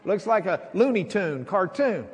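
A middle-aged man preaching a sermon, telling a courtroom story and acting out the voices with lively energy. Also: high-pitched, measured pace, slightly rough. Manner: animated storyteller, acts out voices. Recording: hall reverb.

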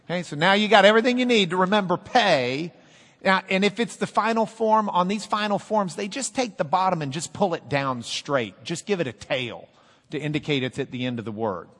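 A man teaching a class, playful and animated, drilling the students and cracking jokes. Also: high-pitched, a little fast, long reverb tail.

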